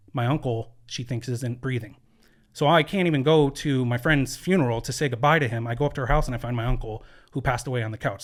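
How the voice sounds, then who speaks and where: A man talking quickly and earnestly as a studio podcast guest. His voice sits at an ordinary middle pitch, and his words tumble out in bursts full of fillers and false starts. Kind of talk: candid conversational storytelling.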